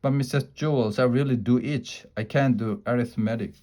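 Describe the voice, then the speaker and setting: A man's voice: medium pitch, moderate pace, darkish tone, lightly acted. A man voicing a whining little schoolgirl who complains and pleads. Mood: whiny. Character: whiny itchy little schoolgirl.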